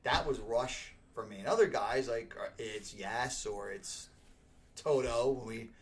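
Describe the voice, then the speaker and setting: A man's voice: medium pitch, unhurried. A man in his forties hosting a casual chat, talking in a rambling, profane way. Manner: rambling, profane, fan enthusiasm. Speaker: host.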